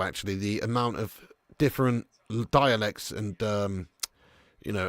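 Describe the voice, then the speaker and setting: A man from England hosting a live football watch-along, chatting casually and reading viewer comments, with sudden excited bursts. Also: medium pitch, no echo, studio quality. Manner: chatty, laddish, swings from mumbling to excited bursts.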